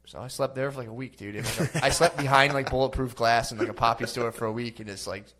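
A man's voice: medium pitch, fairly even intonation, quick pace, fairly bright tone. A man in his thirties telling rambling, crude stories in casual podcast chat, swearing a lot.

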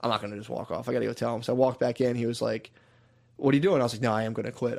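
A man's voice: mid-range voice, fairly even intonation, racing, gravelly, darkish tone. A man chatting casually, telling rambling stories, acting out quotes and swearing often. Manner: storytelling, acts out quotes, swears a lot. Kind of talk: casual chat.

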